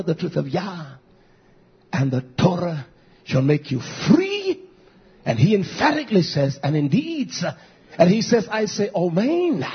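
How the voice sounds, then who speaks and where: A man preaching a fiery sermon as pastor, swinging from shouted peaks to low murmured asides, with many "uh" fillers. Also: vocal fry, slightly rough, lo-fi sound.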